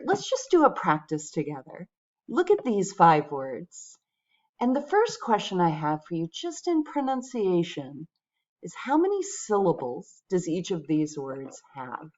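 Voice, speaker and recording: A woman teaching English pronunciation, speaking patiently and clearly to her viewers. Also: on the low side, a little mellow, highs cut off. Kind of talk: pronunciation lesson.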